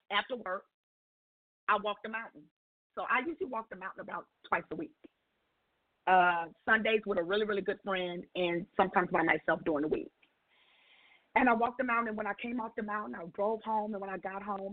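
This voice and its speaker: A woman's voice: mid-range voice, dry recording. Woman telling a testimony over the phone. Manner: lively storyteller acting out dialogue. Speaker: guest on call-in radio show. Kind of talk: personal testimony storytelling. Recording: tinny phone line.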